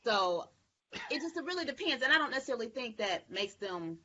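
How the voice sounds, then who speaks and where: A woman speaking in a measured, thoughtful way as a co-author in a live stream conversation. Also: on the high side, big pitch swings, muffled recording, a crowd in the background. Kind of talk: casual conversational chat.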